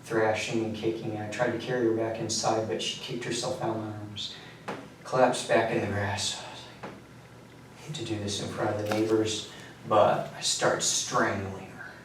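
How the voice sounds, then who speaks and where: Low flat guy in his 20s, calm matter-of-fact telling, really echoey far-off mic with faint hum. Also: normal speed. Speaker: prison inmate interviewee. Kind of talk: recounting events in a sit-down interview. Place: prison interview room.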